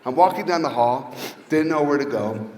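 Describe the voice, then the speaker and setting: Speaking at a normal speed in a medium-pitched, somewhat dark voice, this man gives an inspirational talk to students, mixing personal anecdotes with rhetorical questions. The setting is a large hall with an audience, captured with long reverb and faint background ambience.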